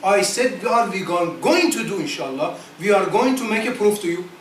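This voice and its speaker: A high-voiced man gives an impassioned speech to a gathering of scholars in broken, non-native English. He keeps repeating phrases and firing rhetorical questions, and breaks into rapid Quranic verses in Arabic. He sounds distant, with the roomy echo of a meeting hall. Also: animated, slight background noise. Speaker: speaker addressing a gathering of Islamic scholars. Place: meeting hall at a community centre. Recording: echoey hall, voice from far off.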